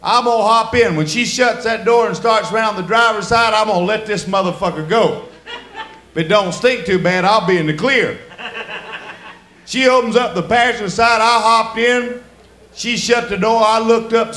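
A high-voiced man works a comedy club stage, spinning crude stories in a drawl and acting out every character. The room is echoey around his mic. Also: moderate pace, a bit bright. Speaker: stand-up comedian. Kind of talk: stand-up comedy set. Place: comedy club stage before a laughing audience.

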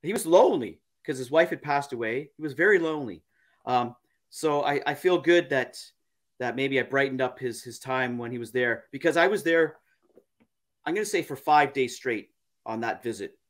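A man, a podcast guest, telling a story in a halting, casual way, repeating words and using many fillers. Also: medium pitch, animated.

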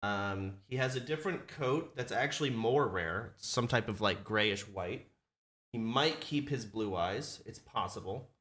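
A man streaming from his desk, talking casually and swearing now and then, slipping into high baby talk with a puppy. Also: animated, unhurried, fairly bright tone. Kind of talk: casual live-stream chat.

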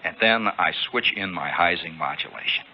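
A man's voice: sits low, normal speed, breathy edge, dull audio. Man telling a story on old radio. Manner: animated, chuckling, acting out the scene. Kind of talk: improvised radio monologue.

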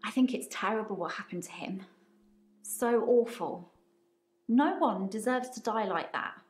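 An actress voicing a calm female herbalist who speaks earnestly and gently about death in a game. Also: mid-range voice, measured pace, close to an everyday voice. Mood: somber. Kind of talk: game character dialogue.

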